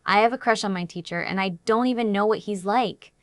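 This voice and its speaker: A woman narrating a dramatic first-person story in an even storytelling manner. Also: mid-range voice, a little fast, dry recording, studio quality. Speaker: audiobook narrator.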